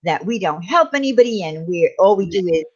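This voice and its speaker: A woman's voice: lowish voice, animated, a little fast. A woman hosting a casual live stream, chiming in and agreeing with her co-host. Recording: dull lo-fi audio.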